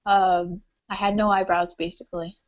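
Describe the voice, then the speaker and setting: A woman's voice: medium pitch, level tone, normal speed, noisy background. A woman in her late teens, rambling and giggling through stories in a casual group chat on a cell phone. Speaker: community call participant. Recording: dull lo-fi phone audio.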